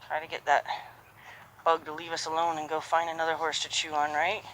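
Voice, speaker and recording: A horse trainer working a horse outdoors, speaking calmly and giving repeated soft praise while explaining each step. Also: mid-range voice, a little fast, a little hiss or hum, poor audio. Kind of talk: live training commentary.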